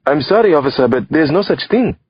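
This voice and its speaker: A proud young Nigerian man, voiced by a male narrator speaks in a measured, correcting way with a Nigerian accent. His pitch sits a little high and moves a lot, with a husky edge. The storybook audio is dry and a bit muffled, as if the voice is slightly off the mic. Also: lively intonation, no echo. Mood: indignant.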